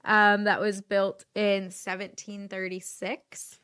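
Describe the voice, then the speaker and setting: Woman, casual podcast storyteller, slow pace, smooth clear voice, giggly, lots of "um"s. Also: mid-range voice, flat delivery, a bit bright. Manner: giggly, with frequent "um" while telling the story. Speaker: podcast co-host. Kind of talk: casual chat, recounting cases.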